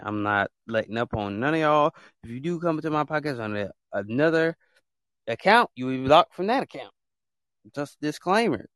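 A man's voice: a little high, fairly bright tone, dry recording. A man who hosts a podcast, scolding listeners in a heated, repetitive rant about trolls and bans. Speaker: podcast host. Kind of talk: ranting monologue.

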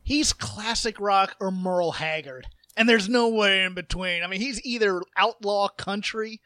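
A man co-hosting a podcast in casual chat, rambling and animated, slipping into mocking impressions. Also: high-pitched, unhurried, dry recording, studio quality. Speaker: podcast co-host.

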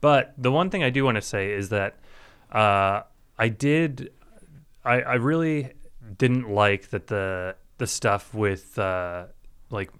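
A man's voice: fairly low pitch, animated, slow pace, fairly bright tone, smooth. A man hosting a podcast, talking in loose, meandering casual chat. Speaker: podcast host.

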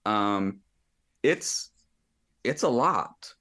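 A man's voice: lowish voice, animated, extremely slow, pushed and bright. A man co-hosting a podcast in casual chat, rambling with frequent restarts and laughs. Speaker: podcast co-host.

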